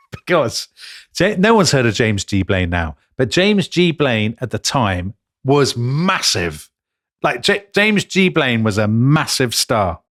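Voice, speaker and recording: A man co-hosting a history podcast, telling the story with emphatic, animated delivery. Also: slow, no room sound, studio quality. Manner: animated, emphatic, jumps in pitch for stress. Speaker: podcast co-host.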